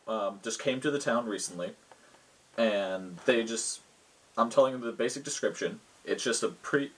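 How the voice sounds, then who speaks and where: A man's voice: on the low side, husky. A man, a game master, recounting a tabletop session in loose, rambling storytelling.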